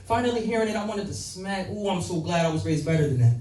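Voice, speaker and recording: A man's voice: sits high, lively intonation, fast talker, darkish tone. A young man performing rhythmic, rhyming spoken-word poetry with dramatic swings. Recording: roomy echo, mic far off, faint ambience.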